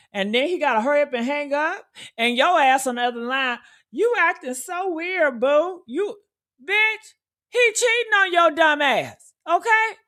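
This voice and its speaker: High-voiced woman ranting to her viewers, loud and animated. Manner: outspoken, animated, talks straight to viewers. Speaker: commentary host. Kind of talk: casual ranting commentary.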